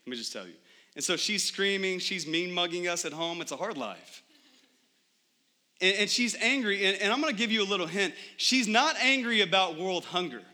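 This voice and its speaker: A man's voice: high-pitched, lively intonation, moderate pace, bright, forceful tone. A young adult man preaching a sermon in church, conversational, with frequent rhetorical questions to the congregation. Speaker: pastor.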